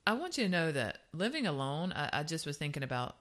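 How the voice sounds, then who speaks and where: A woman from Georgia co-hosting a casual podcast, speaking. Her voice sits low, and she talks in an easygoing, wry, joking way. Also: very animated, fast talker, a bit bright. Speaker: podcast co-host. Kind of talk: casual chat.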